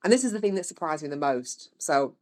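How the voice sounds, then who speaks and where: A woman with a notably low-pitched voice tells a story on her podcast. She speaks in a relaxed, chatty way and voices the people in her story. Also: fast. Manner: chatty, with lively voiced-out quotes. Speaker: podcast host. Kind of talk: casual storytelling.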